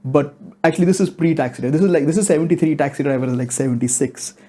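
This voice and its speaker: A man's voice: on the high side, racing, mellow. A man giving a casual movie review, rambling and filling his talk with "like" and "you know".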